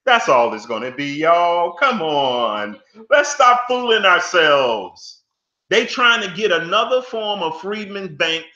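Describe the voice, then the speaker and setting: Fervent preachy man, forceful voice. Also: on the high side, muffled recording. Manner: preachy and emphatic, pleading with the audience; drawls "y'all" and scolds with folksy phrases. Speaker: commentator reacting to an interview clip. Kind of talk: fervent spoken commentary.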